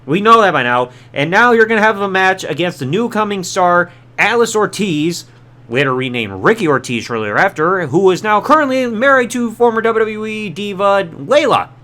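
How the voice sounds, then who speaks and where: A man hosts a podcast and tells a story in a chatty, casual way, full of quick asides. His voice sits high and swings in a wide, animated range. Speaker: podcast host. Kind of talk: casual recap of old wrestling storylines.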